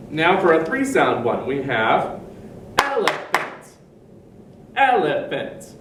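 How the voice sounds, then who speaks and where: A man's voice: a little high, echoey room, recorded from a distance, a little hiss or hum. A man teaching a recorded music lesson to young children, patiently explaining step by step and chanting rhythm syllables.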